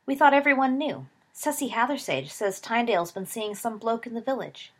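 A woman voicing a sharp-tongued teenage schoolgirl who speaks tartly. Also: fairly high pitch, expressive, moderate pace, voice pushed up. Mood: smug. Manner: tart, acerbic.

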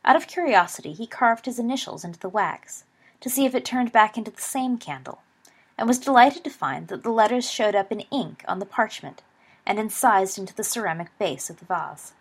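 Lady reading a story out loud, calm steady narration. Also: mid-range voice, fairly quick, husky.

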